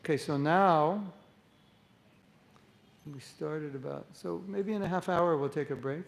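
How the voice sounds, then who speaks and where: A man's voice: fairly high pitch, a little slow, gravelly, low-quality recording. A man giving a conversational sermon to a live group, asking the audience questions and acting out the voices he quotes. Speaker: monk giving a spiritual talk.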